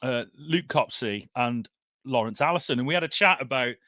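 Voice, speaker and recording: This live comics podcast, hosted over video call, features a man whose mid-range voice is expressive, pushed, and bright at a normal pace. He keeps the talk casual and laughs a lot, and the sound is clean studio audio with no echo.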